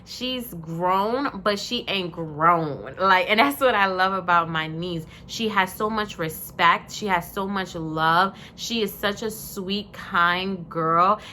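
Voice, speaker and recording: A young woman pours out praise for her family in an emotional, effusive tribute. Her voice sits fairly low yet sounds bright and forward. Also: slow pace, few pauses, a little hiss or hum. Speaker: vlogger honoring her family. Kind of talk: heartfelt personal tribute.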